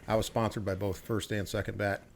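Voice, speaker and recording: Gravelly and fairly low, with little pitch movement and a brisk pace, this middle-aged American speaks over slight background noise. A retired Army officer guesting on a podcast, he tells blunt, casual stories in an interview, swearing and quoting what people said.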